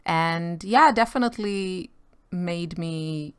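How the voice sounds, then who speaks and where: A woman's voice: lowish voice, slow pace, smooth, no echo, clean studio sound. A woman art vlogger chatting casually while she sketches, rambling with many fillers and frequent laughs.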